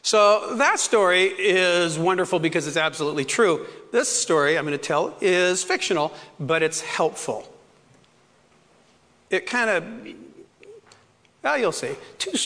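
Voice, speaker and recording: A man's voice: high voice, sharp tone. A middle-aged man preaching a sermon in a chatty storytelling way, acting out quotes and laughing often. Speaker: pastor. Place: church sanctuary. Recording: reverberant church hall.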